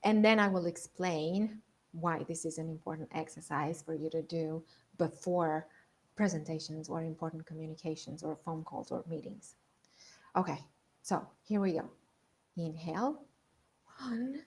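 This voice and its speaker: A woman leadership coach runs an online masterclass, calmly walking listeners through breathing exercises and repeating her points. Her voice is deep and her speed normal, with a slight hiss or hum in the background.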